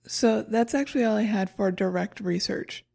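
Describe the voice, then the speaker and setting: A woman co-hosting a podcast, reading from her notes and fumbling over foreign words. Her voice has a gravelly, fry-heavy texture. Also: mid-range voice, normal speed, dark tone. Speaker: podcast co-host presenting research. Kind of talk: casual chat.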